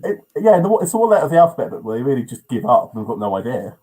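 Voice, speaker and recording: A man sits on a comedy panel and banters with the others. He keeps joking and throws in playful questions. His voice sits at a middle pitch. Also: very animated, racing, dark tone.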